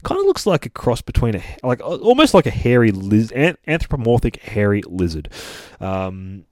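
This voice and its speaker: A man reviewing a comic book in a casual, excited retelling, swearing often and rambling as he goes. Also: medium pitch, normal speed, no room sound, clean studio sound. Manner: profane, rambling, bursts of excited laughter.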